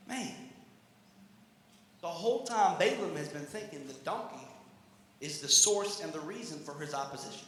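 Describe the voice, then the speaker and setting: A man preaching a sermon as pastor, animated, swinging from shouts to hushed asides. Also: fairly high pitch, moderate pace, a little hiss or hum. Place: church sanctuary. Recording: echoey church hall.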